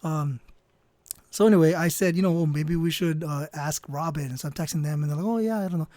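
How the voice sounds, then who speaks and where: A man's voice: fairly high pitch, little pitch movement, brisk, warm tone, no room sound. A man telling a casual comedic story while he draws, rambling and offhand, often trailing off with "I don't know.". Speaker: storyteller and artist.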